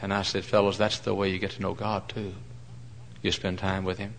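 A middle-aged man preaching a sermon, telling folksy stories and swinging between loud mock-pompous lines and hushed asides. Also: low voice, completely flat delivery, fairly quick, creaky, slight background noise, rough recording.

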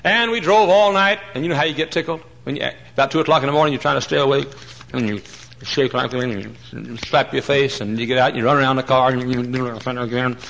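A middle-aged man preaching a sermon, telling folksy stories and swinging between loud mock-pompous lines and hushed asides. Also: medium pitch, quick pace, creaky, poor audio.

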